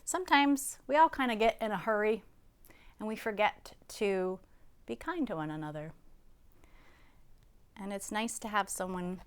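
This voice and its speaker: A woman hosting a children's storytime, reading a picture book aloud in a playful, expressive way, making animal sounds and pointing out the pictures to young listeners. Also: mid-range voice, moderate pace, pauses often, smooth. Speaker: storytime host.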